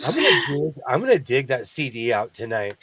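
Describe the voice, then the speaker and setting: A man hosting a casual sewing chat, animated, breaking into song, who mentions a speech impediment. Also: medium pitch, fairly quick. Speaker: host.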